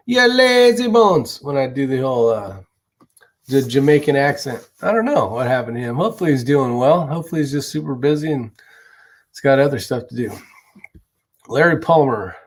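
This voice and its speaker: This livestream host has a mid-range, somewhat mellow voice. He loosely chats with viewers, greeting them and answering their questions while reading comments, rambling along and swearing casually.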